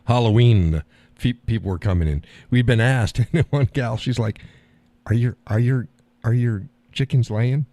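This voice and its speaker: A man hosts a live stream, talking in a rambling, blunt monologue, laughing often and swearing casually. His medium-pitched voice is warm and a little slow, coming through an audio call setup with no echo.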